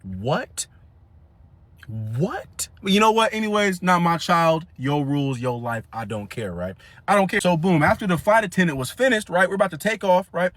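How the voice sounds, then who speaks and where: A young man telling a funny story in a casual, animated way, laughing often and acting out other people. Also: sits high, a little fast, hardly any pauses, no echo.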